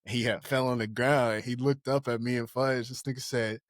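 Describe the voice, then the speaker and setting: A young man co-hosting a podcast, telling rowdy stories in casual chat and breaking into high-pitched impressions of friends. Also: fairly even intonation, a little fast, dry recording, clean studio sound. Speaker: podcast co-host.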